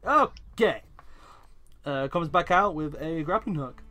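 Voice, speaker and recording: A young man narrating as game master of a tabletop game, hesitant and full of pauses while he checks the rules. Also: on the high side, sharp tone, soft background music.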